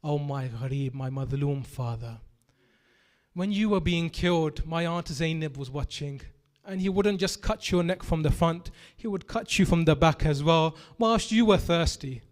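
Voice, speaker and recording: Impassioned high-pitched male preacher. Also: a little slow. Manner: grieving, rising to impassioned lament. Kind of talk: commemorative sermon narration.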